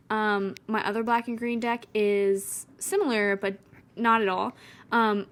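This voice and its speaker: A woman in her twenties rambling casually through a painting vlog voice-over, chatty and wry, with sarcastic asides. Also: fairly high pitch. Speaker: vlogger.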